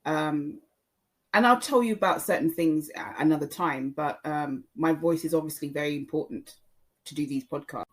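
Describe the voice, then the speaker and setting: A woman's voice: deep voice, moderate pace, slightly rough. A woman with an accent between posh English and Multicultural London English, hosting a casual podcast in a chatty way full of fillers. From England, born in Jamaica. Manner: chatty, many fillers and asides. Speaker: podcast host.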